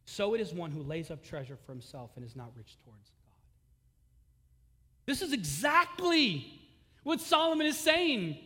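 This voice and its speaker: High-voiced preacher man in a reverberant hall. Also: sing-song, a little fast. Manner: impassioned, swells loud on key lines then drops low. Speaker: pastor. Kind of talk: sermon.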